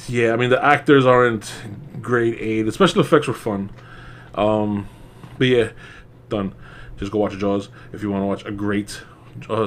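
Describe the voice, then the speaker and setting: A man's voice: medium pitch, slight background noise. Young man, casual movie reviewer, rambling and profane, laughs often.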